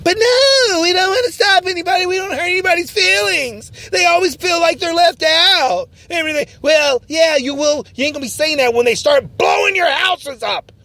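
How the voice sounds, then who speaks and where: A man hosting a mock talk-radio show, ranting and often shouting in a mocking tone. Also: extremely high pitch, moderate pace, hardly any pauses, no room sound.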